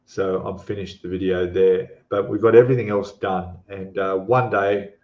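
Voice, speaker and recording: A man's voice: low-pitched, steady tone, moderate pace. A man with an Australian accent, hosting a live stream and chatting casually with viewers, rambling with lots of fillers and restarts. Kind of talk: casual live stream chat reading comments. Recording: echoey room, dull lo-fi sound.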